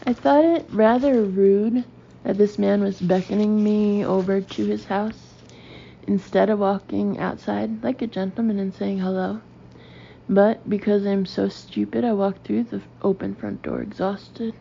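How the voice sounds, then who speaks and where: A woman with a gravelly, darker voice reads a comic memoir aloud in a dry, deadpan manner. The audio is dull and slightly lo-fi. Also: mid-range voice, measured pace, slight background noise. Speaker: audiobook narrator.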